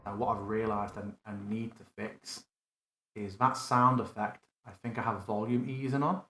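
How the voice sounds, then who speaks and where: In this live screen-recorded tutorial, a game master builds a scene on a virtual tabletop, musing casually aloud and fixing his own slips. His lowish voice sounds pushed and bright, with fairly even intonation at a moderate pace, and the room is reverberant.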